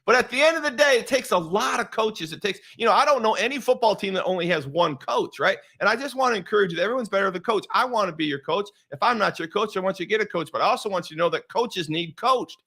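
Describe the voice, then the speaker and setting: Upbeat man, high bright voice, storytelling host type. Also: fast, hardly any pauses. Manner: animated storyteller, acts out quoted dialogue. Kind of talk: energetic show introduction.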